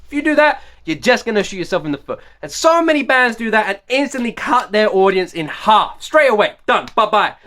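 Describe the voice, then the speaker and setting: A man hosting a music reaction video, ranting in an animated, excitable way and repeating himself for emphasis. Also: high-pitched, brisk, hardly any pauses. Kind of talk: casual rambling rant to camera.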